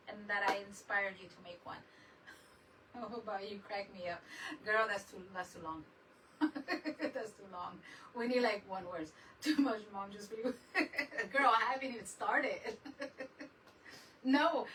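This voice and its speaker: Giggly slow-talking woman livestreaming. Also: a little high, bright, forceful tone, distant mic, a little hiss or hum, low-quality recording. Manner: laughs often, mixes Spanish into English. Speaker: livestream crafter. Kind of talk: casual livestream chat.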